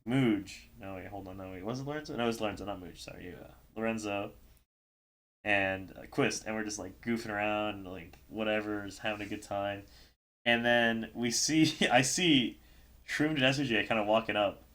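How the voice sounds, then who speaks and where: A man's voice: on the low side, moderate pace, fairly bright tone. A man casually telling a story on a livestream, rambling with lots of fillers and breaking into laughter. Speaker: stream host recapping a tournament.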